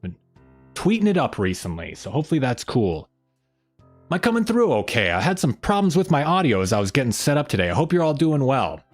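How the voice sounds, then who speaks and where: Hoarse, excitable man hosting a livestream. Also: medium pitch, a little fast, soft background music. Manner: energetic, excitable, rambling. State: hoarse, losing his voice. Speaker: host of a weekly fan livestream. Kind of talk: casual livestream chat.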